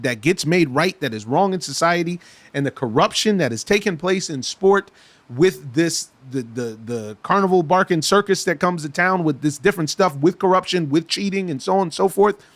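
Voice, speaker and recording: A man's voice: on the high side, expressive, normal speed. A man in a casual talk show discussion, speaking with passion, restarting phrases and repeating himself as he builds his point. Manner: impassioned, repetitive, restarts phrases. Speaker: podcast guest.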